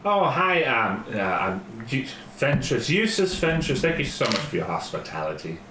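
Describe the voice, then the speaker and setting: A fussy male wizard, stammering and flustered as he introduces himself and his familiar, as a man plays him at the table. His pitch swings widely through each phrase. The sound is roomy, with a noisy hum behind it. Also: sing-song, moderate pace, lightly acted. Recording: echoey room, background noise.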